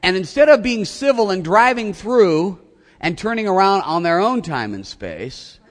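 A man's voice: high voice, unhurried. A middle-aged male pastor preaching a sermon, telling a story with self-mocking humor. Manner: animated storytelling, self-mocking, acts out shouting. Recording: long hall reverb.

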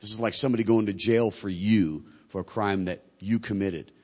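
Man preaching, hushed then loud. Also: fairly low pitch, fairly quick. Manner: quotes people in lively acted voices. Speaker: pastor. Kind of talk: sermon.

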